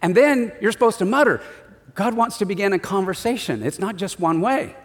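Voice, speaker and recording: A man preaching a sermon as pastor, animated, acting out little voices in his stories. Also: high voice, brisk, long reverb tail.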